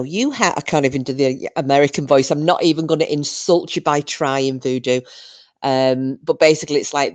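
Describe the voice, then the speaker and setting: This British woman's voice sits extremely low and is a little mellow. As a livestream host she chats casually, reading comments and telling a rambling story that keeps restarting.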